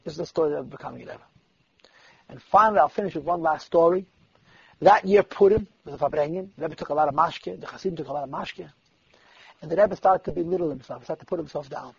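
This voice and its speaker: A man with a high, gravelly voice and a very husky edge tells sermon-like stories, switching into the voices of the people he quotes. The sound is dull and lo-fi, with a close, dry feel and no room echo. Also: quick pace. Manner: lively storyteller who voices the people he quotes. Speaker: storyteller at a religious gathering. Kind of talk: sermon-like storytelling.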